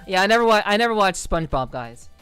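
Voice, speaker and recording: Woman streaming, smooth clear voice, rambles a lot, swears, says um constantly, laughs at chat. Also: mid-range voice, big pitch swings, fast, a bit bright, dry recording, soft background music. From New York City area. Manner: rambling, profane, full of ums and laughs. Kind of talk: casual livestream chat with viewers.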